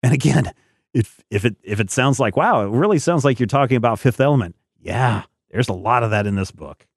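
A man's voice: medium pitch, expressive, brisk, creaky, husky, no room sound, clean studio sound. A man hosting a podcast in casual talk, rambling and thinking aloud with many fillers. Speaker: podcast host.

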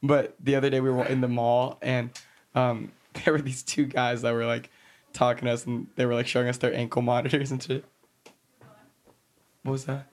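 A man's voice: mid-range voice, flat delivery, moderate pace. A young man hosting a casual podcast chat, laughing often and joking loosely. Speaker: podcast host.

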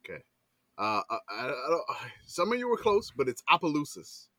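Lively bright-voiced man. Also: a little high, moderate pace, no echo. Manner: animated, laughs often, spells words out letter by letter. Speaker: podcast host running a word game. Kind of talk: casual group chat on a video call.

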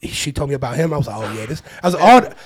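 Male comedian guest, lively storyteller, casual podcast talk, laughs a lot. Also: mid-range voice, rapid-fire, a crowd in the background. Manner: animated storyteller, laughs often.

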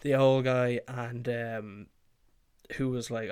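A man's voice: mid-range voice, steady tone, takes it slowly, darkish tone, clean tone, dry recording. A man hosting his own podcast, rambling casually with lots of fillers and swearing. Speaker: podcast host. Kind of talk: casual solo podcast chat.

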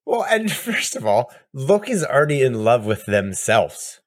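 Casual podcast co-host, male, animated, restarts a lot, dry mic. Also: medium pitch, a little slow, dry recording. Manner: excitable, laughing, rambling with restarts. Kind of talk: casual chat.

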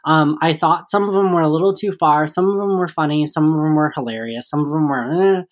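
A man's voice: on the high side, a little fast. A man co-hosting a podcast in casual chat over drinks, laid-back with blunt, sweary opinions. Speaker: podcast co-host.

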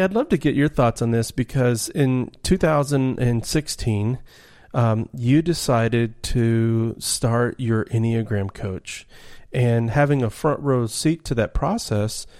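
A man with a mid-range voice and a gravelly texture, hosting a relaxed podcast conversation. He talks casually and leads with questions. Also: medium pitch, dry recording, clean studio sound. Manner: conversational, prompting the guest with questions. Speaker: podcast co-host.

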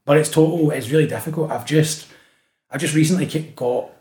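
A man's voice: on the high side, a little fast, roomy sound. A man with a Scottish accent from the Glasgow area, a guest chatting casually on a podcast. He tells stories with energy, swears often and acts out what others said. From Scotland. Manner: animated storytelling, swears often, acts out quotes. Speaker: guest, street artist.

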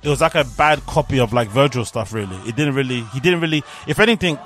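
A man's voice: mid-range voice, expressive, fast, fairly bright tone, soft background music. A young man, casually reacting to a livestreamed show, candid and slangy and swearing freely. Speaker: podcast host. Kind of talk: casual live reaction commentary.

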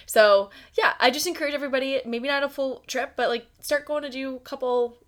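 A woman's voice: high-pitched, brisk. A young woman from the United States hosting her own podcast, chatting casually with lots of "like" fillers and giggles. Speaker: podcast host. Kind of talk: casual solo podcast chat.

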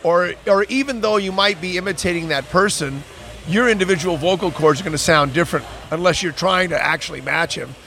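A man who works as a voice actor, chatting and telling stories in an animated way, slipping into character voices now and then. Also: sits high, a little fast. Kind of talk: casual chat.

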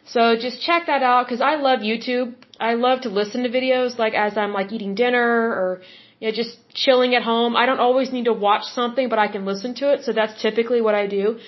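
A woman's voice: a little high, steady tone, fairly quick, lo-fi sound. A middle-aged woman from the United States hosting a solo podcast, talking casually, emphatically and repetitively. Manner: chatty and emphatic, repeats herself. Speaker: podcast host.

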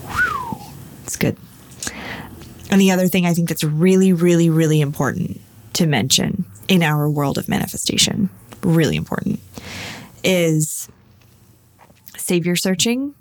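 A woman's voice: lowish voice, huge pitch swings, unhurried, long pauses. A woman hosting a casual chat, earnestly sharing quotes and reflecting on them. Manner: earnest, emphatic, reads quotes and riffs on them.

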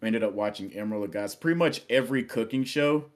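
A young man with a fairly low voice, talking as a veteran guest on a casual podcast. He tells his stories freely and acts out the back-and-forth he quotes. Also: quick pace. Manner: animated, acts out quoted exchanges. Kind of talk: casual storytelling.

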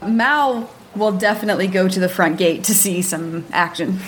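A woman's voice: mid-range voice, normal speed, background noise. Woman player asking questions. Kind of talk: casual chat.

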